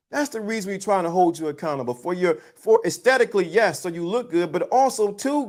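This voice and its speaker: A man's voice: sits high, expressive, a little fast, hardly any pauses, a little mellow. A man hosting a livestream, giving his blunt, preachy, teasing opinions to the chat in a casual, slangy way. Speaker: livestream host.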